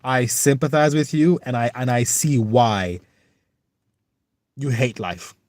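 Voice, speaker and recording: A young man from the United Kingdom, chatting live with viewers in an earnest, reflective and halting way as he reads and answers their comments. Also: mid-range voice, animated, a little mellow, no echo. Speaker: livestreamer.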